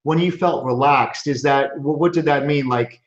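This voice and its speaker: A man's voice: a little high, normal speed. A man talking with earnest, preachy conviction, circling back and restarting his phrases as he builds a point. His voice sits in an echoey room. The sound is dull and lo-fi. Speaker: chiropractor host. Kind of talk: motivational live show talk.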